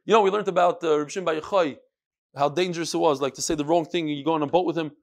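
A man giving a lively Talmud class, reading the Aramaic and then telling the story in English, acting out the characters as he goes. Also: fairly high pitch, rapid-fire. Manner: animated storytelling, acts out the characters. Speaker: Talmud teacher.

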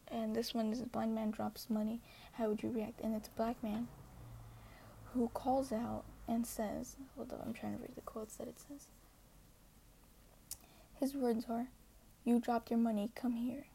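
Soft, gravelly teenage girl vlogging. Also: on the high side, flat delivery, normal speed, a little hiss or hum. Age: teens. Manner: earnest and hesitant, many fillers, often half-whispered. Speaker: social media poster. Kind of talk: casual vlog monologue.

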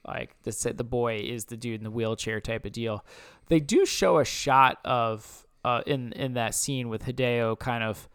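A man's voice: mid-range voice, a little slow, a bit bright, smooth, no room sound, studio quality. A man co-hosting a film review podcast in loose, amused casual chat. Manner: loose, amused, trails off into laughs. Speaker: podcast co-host.

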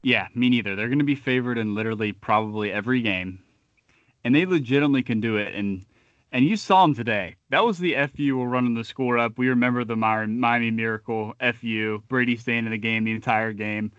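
A man's voice: medium pitch, brisk, dry recording, lo-fi sound. A man co-hosting a sports podcast, riffing with trash talk and long comic analogies. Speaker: podcast co-host.

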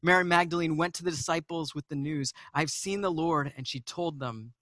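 A man delivers a sermon in a bright, somewhat high voice. He swings between hushed, slow passages and loud, urgent bursts, often stumbling and repeating words. The sound is dry and close. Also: no echo. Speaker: pastor.

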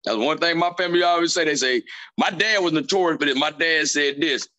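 A man's voice: a little high, a little fast, sharp tone, lo-fi sound. A man, hosting a casual chat and retelling family stories, acting out his dad's lines. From southern United States. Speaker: podcast host.

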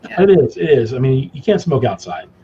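A middle-aged man chatting casually as a guest, telling animated, self-mocking stories with lots of restarts. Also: medium pitch, moderate pace, highs cut off, a little hiss or hum. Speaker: cigar company guest. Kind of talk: casual storytelling chat.

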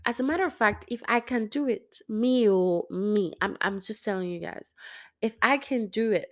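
Young woman, casual faith talk, rambling, self-correcting, sometimes near-whispering. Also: mid-range voice. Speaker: Christian speaker.

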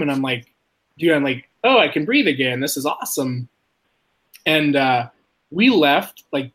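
A young man tells a long story in casual, rambling talk. He swears freely and leans on "like" in nearly every line. His voice sits at an average pitch but jumps up sharply whenever he quotes himself. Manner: rambling, profane, heavy use of "like"; animated, jumps high when quoting himself.

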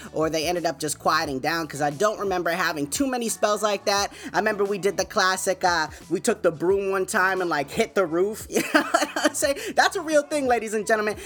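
A man's voice: high voice, a bit bright. A man hosting his podcast, telling stories in a loose, laid-back way and chuckling often. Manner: laid-back and chatty, peppering talk with "man" and "you know what I'm saying". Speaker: podcast host. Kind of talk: casual storytelling monologue.

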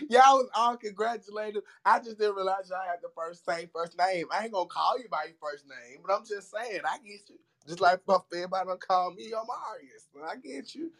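High-voiced laughing man. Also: normal speed. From Alabama. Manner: laughs often, teasing, lively. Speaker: podcast host. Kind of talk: casual chat.

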